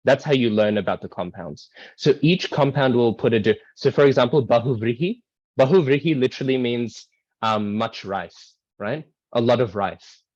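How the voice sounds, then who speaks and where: A man's voice: mid-range voice, normal speed, a little mellow, no room sound, muffled recording. A man explaining a scripture verse in a casual online class, with many ums and rhetorical "right?" checks. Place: online video call.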